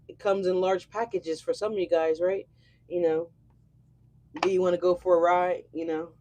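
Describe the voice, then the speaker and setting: Her voice fairly low and a touch mellow, a woman reads tarot in a relaxed way. She talks to the audience head-on, chatty, brash, and quick to curse.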